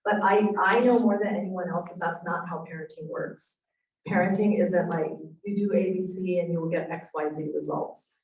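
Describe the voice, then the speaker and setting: A woman's voice: lowish voice, steady tone, moderate pace, a little mellow, recorded from a distance. Earnest woman speaking in an echoey room. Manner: earnest, reflective, storytelling. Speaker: speaker at a parenting talk. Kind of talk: inspirational talk. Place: event room.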